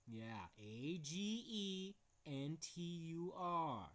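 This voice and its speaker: A man's voice: fairly high pitch, lively intonation, very slow, fairly bright tone. A man reading book passages aloud and breaking in with crude, mocking remarks. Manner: blunt, crude, mocking, swears often; reads passages aloud then comments. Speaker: video host reading from books. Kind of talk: casual, profane commentary reading quotes aloud.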